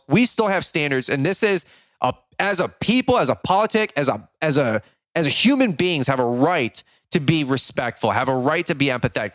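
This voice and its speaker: A man's voice: on the high side, fairly bright tone, dry recording, clean studio sound. Fired-up preachy man lecturing. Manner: preachy, scolding. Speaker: podcast host. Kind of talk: impassioned monologue.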